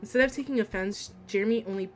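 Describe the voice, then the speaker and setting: A young woman on a livestream reads a story game aloud, her pitch sitting in a middle register. She giggles and curses between passages. Faint game music plays softly beneath her desk-mic voice. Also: fast talker. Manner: giggly, swears, reads dialogue in a quieter steady voice. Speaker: streamer.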